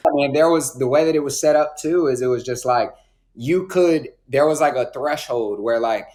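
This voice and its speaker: A man's voice: medium pitch, normal speed, warm tone. Laid-back young man telling stories. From Raleigh, North Carolina. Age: 20s. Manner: laid-back slang, frequent "like" and "bro". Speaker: podcast guest. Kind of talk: casual storytelling.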